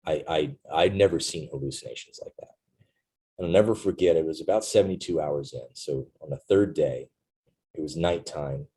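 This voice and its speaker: A man's voice: extremely low pitch, mellow, breathy edge, low-quality recording. A man, a Marine veteran recounting a story earnestly in an interview, often tagging lines with "right?". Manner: earnest, reflective, with frequent "right?" tags.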